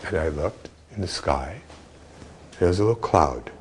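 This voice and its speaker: A man in an interview, recounting a memory with vivid, animated storytelling. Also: low voice, moderate pace, a little hiss or hum.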